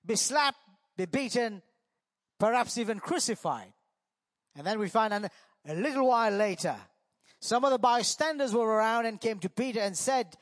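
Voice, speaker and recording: A man's voice: high-pitched, a bit bright. A man preaching a sermon, retelling a scripture story with dramatic emphasis on the quoted lines.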